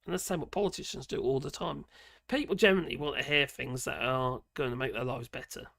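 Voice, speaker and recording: A man giving rambling, opinionated political commentary on a live stream. His voice is hoarse and croaky, and he speaks colloquially with many fillers. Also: medium pitch, quick pace, a bit bright.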